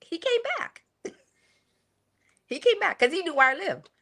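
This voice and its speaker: Older lady telling stories, bright voice, pitch jumps all over, laughs a lot. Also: unhurried. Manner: animated, laughing storyteller. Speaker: guest, the host's mother. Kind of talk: casual storytelling chat.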